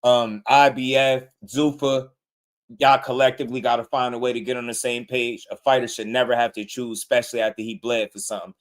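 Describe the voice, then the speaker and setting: A man's voice: medium pitch, flat delivery, a little fast. A man hosting a live boxing talk stream, ranting in a rambling, heated way with many repeated words. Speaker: boxing talk show host. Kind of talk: casual livestream commentary.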